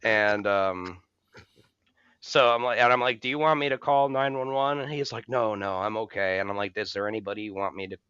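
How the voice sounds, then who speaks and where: Bright, rambling storyteller man. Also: on the low side, fairly quick, clean tone, no room sound, highs cut off. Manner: rambling, profane, laughs through stories. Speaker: podcast co-host. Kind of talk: casual storytelling.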